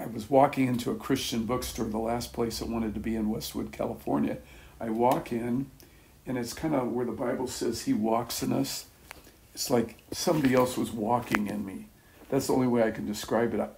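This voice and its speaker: An older man giving a casual spoken testimony to a small church group, rambling and halting with many restarts and soft chuckles. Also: mid-range voice, vocal fry, a little hiss or hum. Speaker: speaker at a church gathering.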